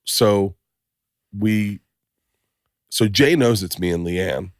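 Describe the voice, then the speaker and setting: Low-voiced middle-aged man telling rambling stories. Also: slow pace, no echo, studio quality. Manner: profane, rambling storyteller acting out quotes. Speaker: podcast host. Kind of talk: casual chat, storytelling.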